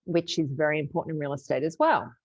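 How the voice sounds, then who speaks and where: An Australian woman hosting a podcast, chatting quickly and frankly. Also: sits low, no room sound. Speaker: podcast host. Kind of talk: casual chat. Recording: dull dry lo-fi sound.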